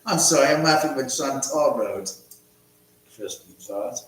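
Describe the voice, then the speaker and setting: Rambling man in a very echoey room. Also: medium pitch. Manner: rambling, joking, reads chat aloud. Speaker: live stream host. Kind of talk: casual live stream chat. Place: at home. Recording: echoey room with faint hum.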